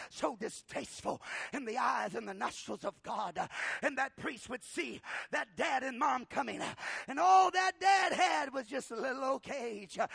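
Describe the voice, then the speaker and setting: A male preacher tells the story in a bright, husky voice, acting out every quote. His delivery swings from shouts to near-whispers. The sound is dry and close. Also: very high voice, dry recording. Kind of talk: dramatic sermon storytelling.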